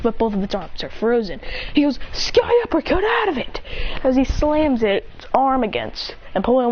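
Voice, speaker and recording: A woman eagerly retelling a battle story in rambling casual narration, chaining events together. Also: on the high side. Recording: dull, lo-fi home recording with faint noise.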